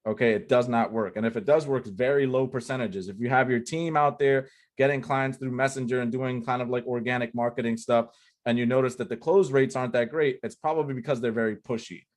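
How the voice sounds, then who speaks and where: A man's voice: mid-range voice, fast talker. A man teaching an online sales lesson at a whiteboard, talking loosely with lots of "like" and "right?" and repeating key phrases for emphasis. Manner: loose and chatty, full of "like" and "right?" tags. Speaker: online marketing coach.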